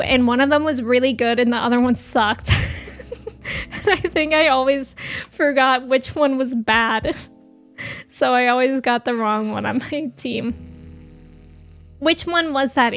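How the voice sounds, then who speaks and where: A woman's voice: high-pitched, fairly bright tone. A woman streamer in casual chat with her live viewers, reading their messages aloud and laughing often.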